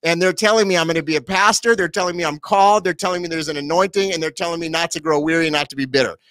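Guy in his 40s telling his story all fired up, kinda high voice, dry close sound. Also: dry recording. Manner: animated storyteller, quick asides, laughs easily. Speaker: pastor, guest. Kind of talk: personal testimony in an interview.

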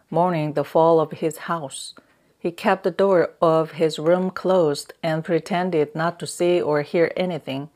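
Woman narrating an audiobook, takes her time, lowish voice. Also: a little mellow. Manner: slow, measured reading. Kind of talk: scripted narration.

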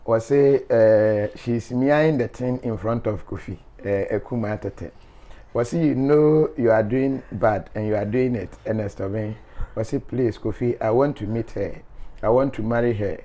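A man's voice: on the low side, measured pace, dark tone. Playful man reading comments. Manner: laughing, playful, teasing. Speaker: show host. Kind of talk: reading viewer comments aloud.

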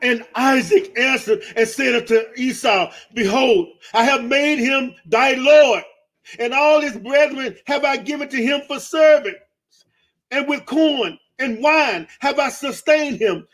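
A man with a very high voice reads scripture aloud on a radio program. He reads steadily through the passages and drops in short reactions between verses. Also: measured pace, fairly bright tone. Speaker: scripture reader on a radio show.

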